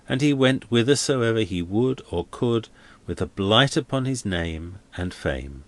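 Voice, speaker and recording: A man narrating an audiobook in a measured, deliberate way. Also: low voice.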